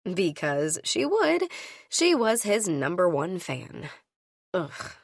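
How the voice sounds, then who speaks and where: A woman reading a first-person audiobook, voicing each character with her own shifts in pitch. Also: very animated, slow, gravelly, slightly rough, dry recording, clean studio sound. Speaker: audiobook narrator.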